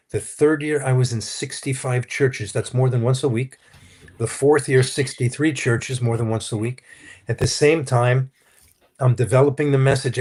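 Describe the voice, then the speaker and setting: A man with a mid-range, slightly mellow voice that has a breathy edge speaks in a conversational interview. A Christian counselor, he earnestly relates his testimony as a series of anecdotes, quoting others in the telling.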